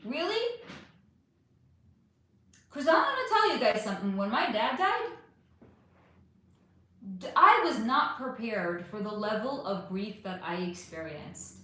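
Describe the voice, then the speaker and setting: In a very echoey room, a woman hosting a casual livestream reads viewer questions and responds to them, speaking right to her viewers with plenty of emphasis. Animated and pushed, her high, bright voice swoops widely at a measured pace with frequent pauses.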